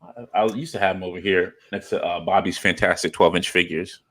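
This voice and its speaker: A man's voice: low-pitched, steady tone, quick pace, fairly bright tone. A man hosting a casual podcast chat, rambling and repeating himself, laughing often. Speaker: podcast host.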